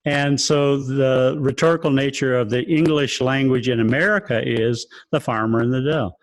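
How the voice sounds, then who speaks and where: A man's voice: mid-range voice, steady tone, moderate pace, hardly any pauses, no echo. A man, a choir director, lecturing in an online rehearsal, asking rhetorical questions and chuckling as he explains. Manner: asks rhetorical questions, sings examples, chuckles often. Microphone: video call.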